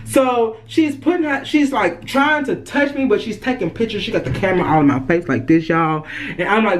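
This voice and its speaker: A woman vlogger recounting a personal story in a dramatic, profane, animated way, addressing her viewers directly. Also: mid-range voice, normal speed, low-quality recording. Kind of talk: storytime vlog.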